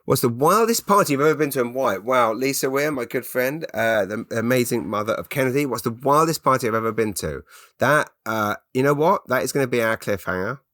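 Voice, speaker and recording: A man's voice: mid-range voice, expressive, fairly quick, a bit bright, no echo, studio quality. A man hosting a casual podcast, chatting in stop-start bursts while he reads out listener comments and answers their questions. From England. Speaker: podcast host.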